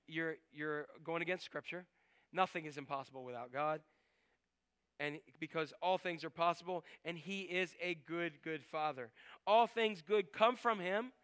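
A man's voice: high voice, smooth. A man preaching a sermon and leading a closing prayer with fervent exhortation. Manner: fervent, rising to loud exhortation. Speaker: pastor.

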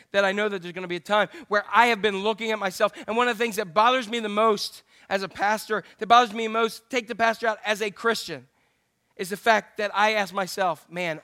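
High-voiced earnest preaching man. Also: bright, forceful tone, clean tone. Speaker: pastor. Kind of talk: sermon.

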